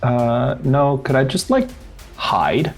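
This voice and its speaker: Player, male, very slow unhurried talk, hesitant. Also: medium pitch, sing-song, gravelly, faint music behind. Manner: hesitant, unsure. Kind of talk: casual tabletop play.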